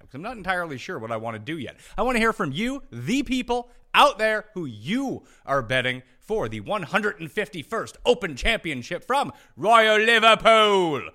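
A man's voice: sits high, bright, forceful tone. A man hosting a sports betting podcast in a hyped, promo-style way. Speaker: podcast host.

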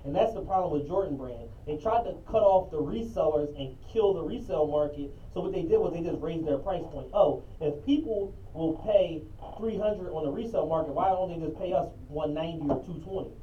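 A man's voice: fairly high pitch, a little fast, warm tone. A male podcast co-host giving blunt, profane opinions in casual chat. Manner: opinionated, profane, business-minded. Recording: muffled, roomy, distant lo-fi audio with faint hiss.

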